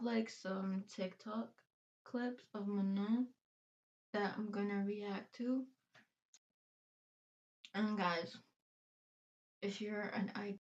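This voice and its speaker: Woman reaction host, unhurried, rambly and giggly, on a muffled lo-fi mic. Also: mid-range voice, steady tone. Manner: chatty, tangent-prone, laughs between phrases. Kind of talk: casual rambling chat.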